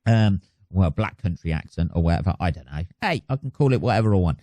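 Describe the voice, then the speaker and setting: A man's voice: low voice, expressive, fast, dark tone, no echo. A man hosting his own podcast alone, chatting casually in a rambling, sweary, self-mocking way. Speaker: podcast host. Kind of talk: casual solo podcast chat.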